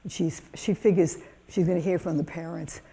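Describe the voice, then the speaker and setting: Animated older woman, mellow voice. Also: lowish voice, moderate pace, gravelly, breathy edge. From United States. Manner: animated storytelling, acts out kids' voices. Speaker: keynote speaker. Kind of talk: lively conference talk.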